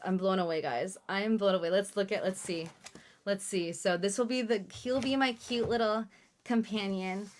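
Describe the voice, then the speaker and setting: A woman's voice: fairly low pitch, slight background noise. A young woman hosting a live unboxing stream, chatting casually, gushing and swearing freely. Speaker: livestream host.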